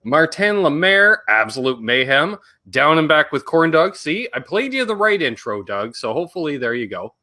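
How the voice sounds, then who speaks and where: Upbeat male host for casual live-stream chat; lively, slightly high voice. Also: moderate pace, few pauses. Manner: upbeat, reads out viewer names.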